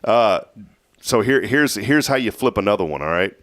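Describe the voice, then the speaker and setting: A man co-hosting a casual morning talk show, his low voice swinging widely as he hams up sarcastic roasts. The sound is close and dry, with no room around it. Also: animated, moderate pace, fairly bright tone, dry recording. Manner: sarcastic, theatrical roasting of phrases. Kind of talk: casual chat.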